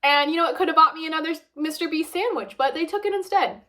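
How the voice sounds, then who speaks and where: A woman's voice: sits high, fast talker, bright, forceful tone. A young woman vlogging casually, rambling chattily with lots of fillers while reviewing food.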